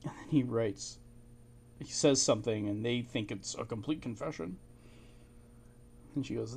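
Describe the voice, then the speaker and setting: A man's voice: medium pitch, normal speed, creaky, long pauses, a little mellow, breathy edge. A man casually reading and retelling old documents, with informal asides and chuckles. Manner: informal, chuckling asides, fillers like "you know". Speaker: amateur history narrator. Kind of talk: casual narration of archive documents.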